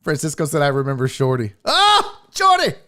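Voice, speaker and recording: A man from the Houston area, hosting a casual live-stream chat and telling stories loudly with frequent laughter. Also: fairly high pitch, moderate pace. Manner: loud, laughing, animated storyteller. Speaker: host.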